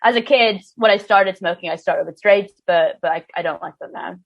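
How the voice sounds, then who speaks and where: A woman's voice: on the low side, creaky, no room sound, highs cut off. A woman from Ireland, a guest author chatting casually on a podcast, often laughing and stumbling over her words. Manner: laughs often, halting self-corrections.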